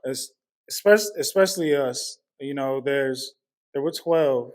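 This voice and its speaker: A man's voice: medium pitch, measured pace, darkish tone. A man taking part in a family conversation, reflective and affirming as he speaks.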